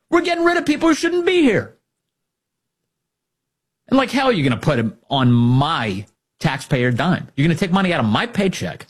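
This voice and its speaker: Animated husky-voiced male talk host. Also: fairly high pitch. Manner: animated, sarcastic, mocking impressions. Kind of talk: political talk commentary.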